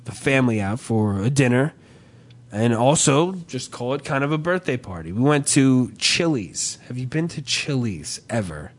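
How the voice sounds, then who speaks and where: Man, young adult, average pitch, profane, ranting, animated storyteller, casual podcast chat. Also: normal speed. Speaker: podcast co-host.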